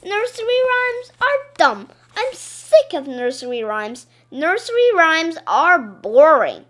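A woman's voice: very high voice, very animated, takes it slowly, fairly bright tone, voice pushed up, heavily acted. A woman voicing a cheeky schoolboy who complains bluntly that things are boring. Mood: complaining. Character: cheeky, bored schoolboy narrator.

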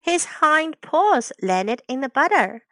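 A woman's voice: high-pitched, very animated, slow, a bit bright, no room sound. A woman teacher reading a children's story aloud, each line in English and then in Chinese.

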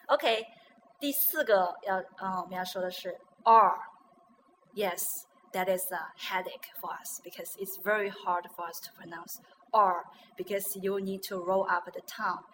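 A woman's voice: mid-range voice, a little slow, fairly bright tone, slight background noise, poor audio. A woman with a Chinese accent, a native Chinese speaker, teaching English pronunciation and repeating words after a guest to check them. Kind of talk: bilingual pronunciation lesson.

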